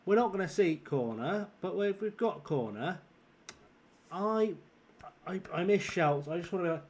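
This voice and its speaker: A slightly high-voiced man with a northern English accent, worn out and a bit scratchy from a sore throat. He rambles through live gameplay commentary, swears freely and teases his chat. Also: expressive, normal speed, darkish tone. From southern England. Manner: chatty, swearing, teasing viewers. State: tired with a sore throat forming. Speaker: streamer.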